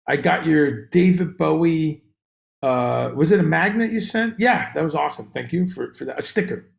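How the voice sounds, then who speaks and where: A man hosting a casual livestream chat, rambling and animated as he greets viewers by name. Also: a little high, gravelly. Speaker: livestream host. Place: room on tour abroad. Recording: echoey room.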